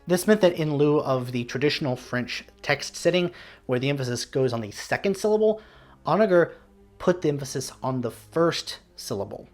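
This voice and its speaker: A man hosting a classical music channel, reading a scripted educational narration with wry, conversational asides. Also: mid-range voice. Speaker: classical music video host.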